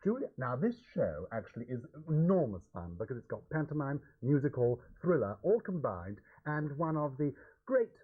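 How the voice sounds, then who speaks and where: A British man with a husky edge to his voice reads viewers' letters with droll, theatrical flair. His pitch swings freely, and the sound is thin and narrow, like old 1980s broadcast tape. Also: sing-song, normal speed. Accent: British English. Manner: theatrical, droll, mock-grand delivery. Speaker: TV breakfast show regular reading viewers' letters. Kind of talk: jokey breakfast-TV banter and letter reading.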